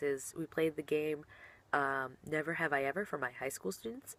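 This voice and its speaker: A young woman, a professional wrestler, chatting casually while answering online questions, bubbly and giggly and often trailing off mid-sentence. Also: low-pitched.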